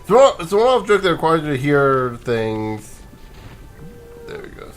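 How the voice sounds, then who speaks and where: A man's voice: a little high, big pitch swings, moderate pace, faint music behind. A man giving casual, rambling commentary while playing a video game, sleepy and yawning, chuckling and restarting his sentences. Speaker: let's play gamer.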